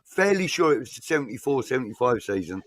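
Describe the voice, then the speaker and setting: Brief: middle-aged fan co-host, rambling, easygoing, mid-range voice. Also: male voice, medium pitch, sing-song, fast, a bit bright. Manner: rambling, laid-back, swears casually. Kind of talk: casual fan chat reading live comments.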